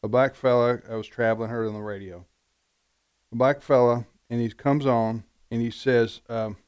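A man co-hosts a conservative talk radio show, speaking emphatically and repeating words as he presses his point. His medium-pitched voice is steady, smooth and darkish in tone, at a moderate pace.

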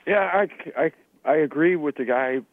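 Man from Missouri, phone caller, slightly high, frustrated questions, phone-line audio. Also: moderate pace, no room sound. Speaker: radio call-in caller. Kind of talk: call-in comment. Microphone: telephone.

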